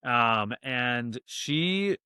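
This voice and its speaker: A young man from Massachusetts talks as a podcast guest, telling a frank personal story and acting out the other people's lines as he goes. His voice is bright and forward, and it sits at an ordinary middle pitch. It comes through dry and close, with no room sound. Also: very slow, clear, resonant tone, no room sound. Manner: candid, animated storyteller acting out quoted dialogue. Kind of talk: casual storytelling.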